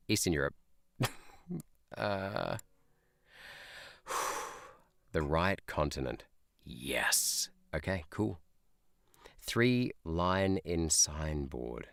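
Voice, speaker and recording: A man's voice: rumbling low, animated, very slow, creaky, long pauses, fairly bright tone, dry recording. A man who is a teacher, streaming a guessing game live, thinking aloud in a chatty way and laughing often. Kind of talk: live gameplay chat.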